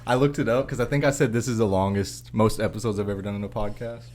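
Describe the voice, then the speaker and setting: A young man co-hosting a podcast, laid-back and casual, often chiming in with quick agreement. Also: lowish voice, steady tone, darkish tone, slight background noise. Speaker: podcast co-host. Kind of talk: casual chat.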